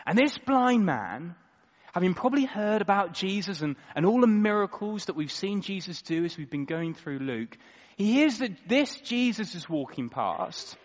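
A man preaching a sermon in a church hall, expressive and dramatic, moving between loud and quiet. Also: high-pitched, normal speed. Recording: echoey hall, slightly dull sound.

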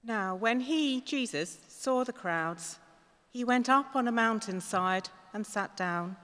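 A woman reading a Bible passage aloud in a slow, measured way during a church service. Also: a little high, lively intonation, fairly bright tone. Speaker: scripture reader. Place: church hall. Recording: church hall reverb, from far off.

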